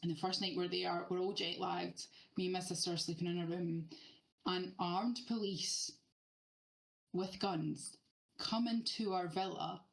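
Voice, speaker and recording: A woman's voice: on the low side, steady tone, unhurried, gravelly, low-quality recording. A woman in her thirties co-hosting a podcast, telling stories animatedly and swearing freely in casual chat. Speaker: podcast co-host.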